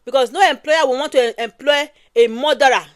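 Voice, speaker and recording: High-voiced Nigerian woman giving emphatic commentary. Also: fairly quick, no echo. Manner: emphatic, repeats phrases and ends with "oh". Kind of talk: casual commentary.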